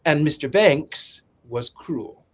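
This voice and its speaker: A man with a fairly high voice rambles through a film summary, full of deadpan sarcasm and playful asides. He restarts his sentences often and keeps the tone light and teasing. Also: takes it slowly. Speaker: podcast co-host. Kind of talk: joking film synopsis.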